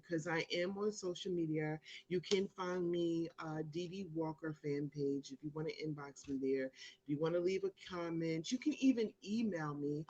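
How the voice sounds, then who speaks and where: A woman's voice: muffled recording, slight background noise. A woman hosting her own live show, chatting casually to viewers and telling a story, acting out the people in it with big jumps in voice. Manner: animated storyteller, acts out quotes with big pitch jumps.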